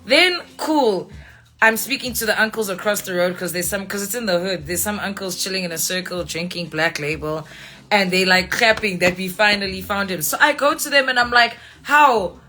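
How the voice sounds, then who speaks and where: A woman's voice: medium pitch, moderate pace, sharp tone. A woman telling a story casually on a phone live stream, swearing freely and acting out her friends' lines. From South Africa. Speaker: livestream host. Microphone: phone mic.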